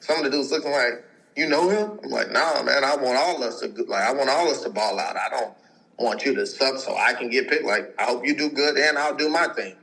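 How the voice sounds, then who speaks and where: On a low-quality recording, a pro football player in his twenties guests on a podcast and tells a long personal story casually. He rambles, uses many fillers and acts out others' quotes in a medium-pitched, gravelly voice that's fairly quick, pushed and bright.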